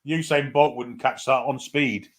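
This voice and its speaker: A man's voice: medium pitch, unhurried. A man giving live fan commentary on a football match, irreverent, swearing freely and reading out viewer comments.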